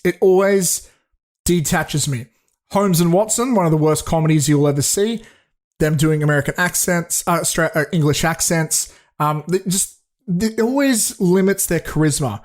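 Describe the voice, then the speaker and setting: Rambling young man reviewing films. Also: a little high. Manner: rambling, swearing, frequent restarts and fillers. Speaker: podcast co-host reviewing films. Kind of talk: casual film review chat.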